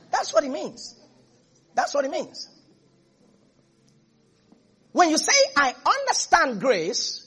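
A man's voice: very high voice, fairly bright tone. A man preaching a sermon as pastor, repeating phrases and calling on his congregation. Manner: preaching with rising fervor and repetition, calls to congregation.

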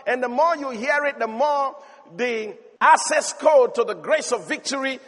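A man preaching a sermon emphatically, rising to shouts and calling out hallelujah. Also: very high-pitched, measured pace, in a large hall.

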